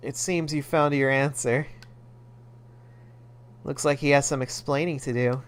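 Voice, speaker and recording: A man's voice: a little high, slow, long pauses, smooth. A man commentating on a game, laughing often and exclaiming in shock, reading narration aloud. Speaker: let's play gamer.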